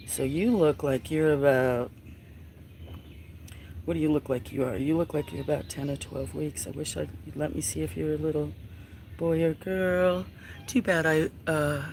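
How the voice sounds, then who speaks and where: Soft-spoken livestream host cooing to a kitten. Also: medium pitch, a little hiss or hum. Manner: soft baby talk to a kitten, often dropping to a whisper. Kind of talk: casual live stream chat.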